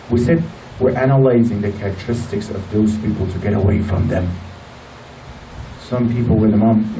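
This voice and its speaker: A man's voice: lowish voice, mellow. A man giving a religious lecture in a mosque hall, emotional, acting out the voices in his stories. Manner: emotional, acts out voices in storytelling. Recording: distant mic in a hall with faint noise.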